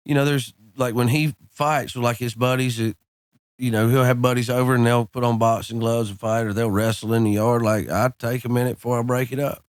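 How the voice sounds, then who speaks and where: A man in his thirties, a guest on a podcast, telling relaxed anecdotes in casual chat. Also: mid-range voice, brisk, clean tone, no echo, studio quality. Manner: laid-back, drawling anecdotes peppered with "man" and "dude". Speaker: podcast guest, country singer.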